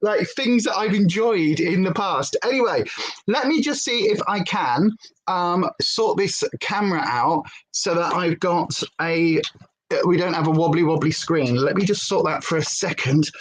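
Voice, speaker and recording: A woman's voice: on the low side, a little slow, low-quality recording. A British woman hosting a casual livestream from home, chatty and prone to tangents, a former TV presenter telling stories. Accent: British English. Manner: chatty, wanders off on tangents, lively storyteller. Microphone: headphones with desk setup.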